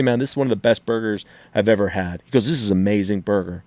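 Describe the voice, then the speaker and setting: A middle-aged man co-hosting a podcast in casual chat, an animated storyteller who acts out quotes and swears freely. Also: fairly low pitch, very fast, hardly any pauses, no echo. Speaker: podcast co-host.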